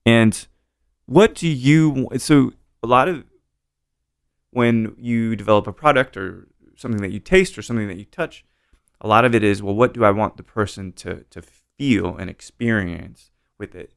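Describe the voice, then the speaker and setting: A man's voice: lowish voice, moderate pace, creaky, smooth, dry recording, studio quality. A man hosting a podcast, chatting casually and encouraging his guest with questions. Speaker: podcast host.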